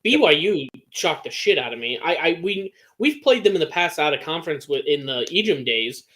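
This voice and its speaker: A young man with an American Midwest accent co-hosting a casual sports podcast, talking excitedly and rambling with lots of restarts. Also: on the high side, fairly quick. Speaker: podcast co-host.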